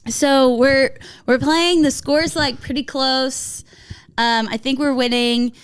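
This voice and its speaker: A young woman tells a story on a podcast with a smooth, slightly high voice. She is lively and swears freely, and she acts out what everyone said as she goes. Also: slow, low-quality recording. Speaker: podcast co-host telling a story. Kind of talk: casual chat.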